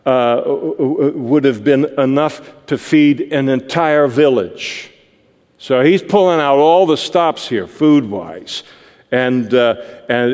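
A man's voice: mid-range voice, a little mellow, in a large hall. A male preacher explaining a Bible passage verse by verse in a conversational, explanatory manner. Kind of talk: verse-by-verse sermon.

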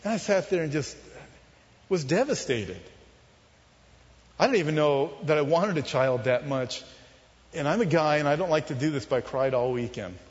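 A man telling a personal testimony as a sermon, in an earnest, confessional storytelling manner that often drops soft and low. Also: normal speed, pauses often. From Southern California. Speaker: preacher telling his testimony. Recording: muffled, with long hall reverb.

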